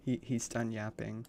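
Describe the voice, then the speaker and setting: Gravelly-voiced man swearing through a game. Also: on the low side, warm tone, a little hiss or hum. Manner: crude slang-heavy reactions, swears often; reads game dialogue aloud in a plain voice. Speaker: streamer. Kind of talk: casual gaming livestream commentary.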